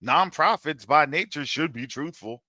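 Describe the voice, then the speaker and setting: Male host from Florida, casual commentary, bright and lively delivery, fairly high voice, dry close sound. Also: moderate pace, no room sound. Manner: animated, jokey, preacherly asides. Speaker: channel host.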